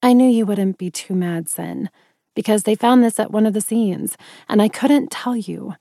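A woman reading a guarded young witch in an audiobook, measured and explaining. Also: mid-range voice, warm tone, no echo, clean studio sound, natural voice.

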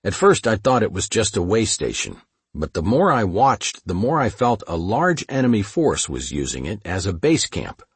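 A man narrating a first-person war memoir in a measured, matter-of-fact way. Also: lowish voice, very animated, slightly rough, no echo. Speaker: audiobook narrator.

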